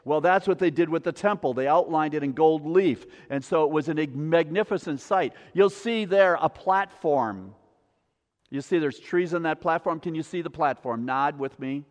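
A pastor from Wisconsin preaching a sermon to his congregation, lively and rising to near-shouts on the prayers. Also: a little high, normal speed, in a large hall.

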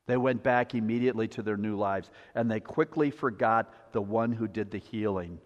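A male pastor preaching a sermon with a repetitive cadence, building up and then dropping to a quiet, low delivery. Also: normal speed, highs cut off. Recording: long hall reverb.

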